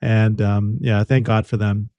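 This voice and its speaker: Mellow man hosting a faith talk. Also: fairly low pitch, level tone, unhurried, smooth, dry recording, muffled recording. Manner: reflective, affirming, with frequent restarts. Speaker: podcast host. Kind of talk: conversational interview.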